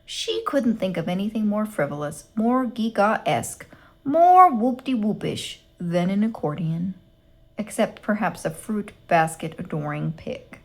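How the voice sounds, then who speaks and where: A woman reading a children's picture book aloud in an expressive, dryly humorous storyteller's manner. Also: medium pitch, unhurried. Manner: expressive, dry storyteller's delivery.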